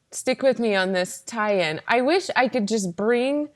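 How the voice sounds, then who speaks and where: A woman's voice: a little high, expressive, slow pace. A woman from northeast Florida hosting a casual podcast interview in an upbeat, chatty way. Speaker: podcast host.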